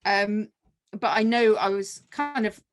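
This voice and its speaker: A woman's voice: medium pitch, slow pace. A woman, a mother, guest on a podcast, telling a personal story casually and acting out remembered dialogue. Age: adult with children. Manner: animated, acts out remembered dialogue.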